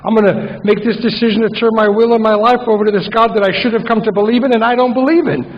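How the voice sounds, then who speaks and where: Speaking at a recovery conference, a man with a high voice keeps a steady tone and a brisk pace as he tells a self-mocking story of his recovery, wandering off into comic asides. The audio is dull and reverberant, captured in a large hall full of listeners.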